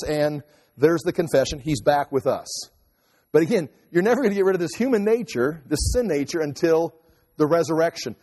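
A man with a high-pitched voice delivers a sermon, walking through scripture in a loose, conversational way with quick asides. His voice rings with a long reverb, as if in a large hall. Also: darkish tone. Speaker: pastor.

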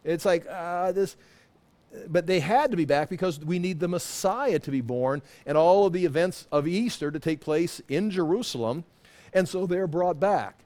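In his sixties, this man leads a Bible study in a relaxed, conversational style, sprinkling in asides and correcting himself as he goes. His voice is high-pitched and a little mellow, and he talks at a normal speed.

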